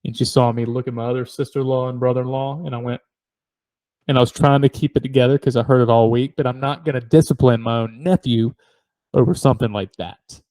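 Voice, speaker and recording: A man's voice: medium pitch, fairly even intonation, fast, darkish tone, no echo. A middle-aged man, co-hosting a podcast in casual chat, rambling through stories, laughing often and mimicking noises. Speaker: podcast co-host.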